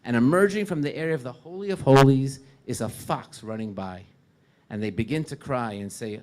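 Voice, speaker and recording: A man giving a sermon as a rabbi, telling stories and rising loud when he quotes figures. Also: medium pitch, a little fast.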